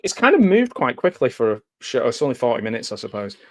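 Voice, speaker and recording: A man giving live watch-along reaction commentary on a TV episode, chatty and jokey, with excited outbursts and laughs. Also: mid-range voice, fast. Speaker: commentary host.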